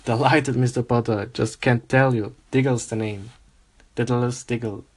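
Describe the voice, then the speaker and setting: A man reading aloud, voicing an eager, excitable little man in a top hat. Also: mid-range voice, moderate pace, close to an everyday voice. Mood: excited.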